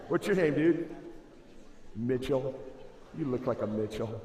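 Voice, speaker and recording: A man in his twenties giving a motivational speech to a school assembly, casual and slangy, swinging between loud emphasis and hushed moments. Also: mid-range voice, expressive, takes it slowly, pauses often, slight background noise. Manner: casual and slangy, calls listeners bro and dude. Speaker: motivational speaker. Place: large school assembly hall. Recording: echoey hall, long reverb.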